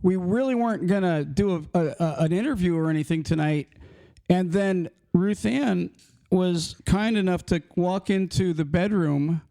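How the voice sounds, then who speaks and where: A man's voice: high voice, normal speed, creaky, warm tone. A man hosting a trucking podcast from a home studio, loose and joking, rambling with restarts. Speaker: podcast host. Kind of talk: casual podcast chat.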